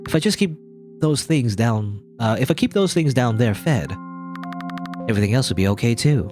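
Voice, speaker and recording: A man's voice: medium pitch, animated, normal speed, music in the background. A young man hosting a game playthrough, reading the story aloud and cracking wry, offhand jokes. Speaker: let's play host.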